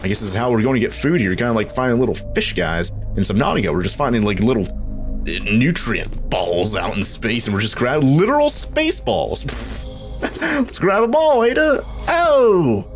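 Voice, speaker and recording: Young man, let's play commentary, excitable chatter, very animated pitch, faint music behind. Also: fairly quick. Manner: excitable, chatty, squeals up high when startled. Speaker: gaming channel host.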